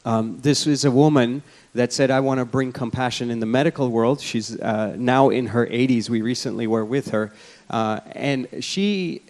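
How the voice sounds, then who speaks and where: A man's voice: mid-range voice, moderate pace, a little mellow. Man giving a reflective keynote talk. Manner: storytelling, reflective, conversational. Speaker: keynote speaker. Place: lecture hall at a symposium.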